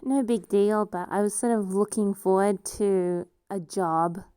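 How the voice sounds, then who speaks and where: A woman's voice: medium pitch, steady tone, unhurried, dark tone, smooth, no room sound, clean studio sound. A woman with a noticeable accent talking casually to camera, rambling and self-deprecating, laughing often as she goes. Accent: noticeable non-standard accent. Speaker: vlogger. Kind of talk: casual personal monologue.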